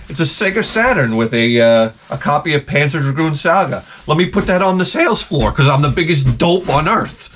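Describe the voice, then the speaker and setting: A middle-aged man ranting at home in a casual, profane, sarcastic vlog, telling stories with lots of swearing. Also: on the high side. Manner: profane, sarcastic, animated storytelling. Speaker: vlogger. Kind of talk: casual rant to camera.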